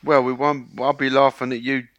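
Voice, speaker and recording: A man's voice: medium pitch, level tone, normal speed, fairly bright tone, dry recording, lo-fi sound. A man on a casual football podcast, teasing the others in banter. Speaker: podcast co-host.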